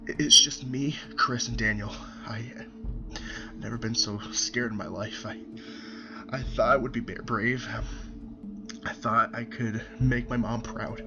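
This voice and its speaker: A man's voice: mid-range voice, steady tone, a little slow, long pauses, lo-fi sound, over music, lightly acted. A man voicing a terrified young male soldier writing his diary in a creepypasta reading, stammering and dropping into whispers. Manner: stammering, panicked, breaking into whispers.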